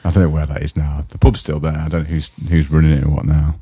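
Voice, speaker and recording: Deep fast-talking man. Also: little pitch movement, dark tone, husky, dry recording. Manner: rambling storyteller, acts out voices of people he describes. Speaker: podcast co-host. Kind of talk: casual chat. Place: indoor podcast studio.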